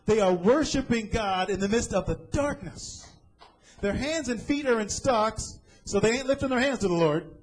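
A man's voice: high-pitched, animated, moderate pace, low-quality recording. A man preaching a sermon, retelling a scripture story dramatically and asking the listeners questions.

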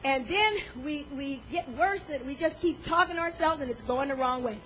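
High, bright-voiced woman preaching. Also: normal speed, a little hiss or hum, low-quality recording. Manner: animated, acts out inner voices, swings loud and soft. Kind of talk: sermon.

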